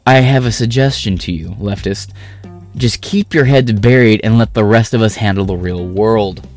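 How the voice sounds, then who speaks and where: Sarcastic low-voiced male commentator. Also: moderate pace, darkish tone, soft background music. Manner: sarcastic, profane asides. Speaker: political commentary streamer. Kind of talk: casual commentary reading articles aloud.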